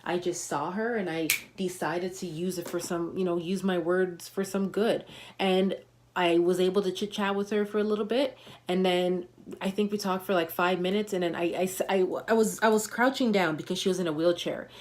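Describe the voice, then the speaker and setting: A woman's voice: fairly low pitch, fairly even intonation, normal speed. A woman giving a motivational livestream talk, coaching listeners with emphatic, repeated affirmations and punchy slang.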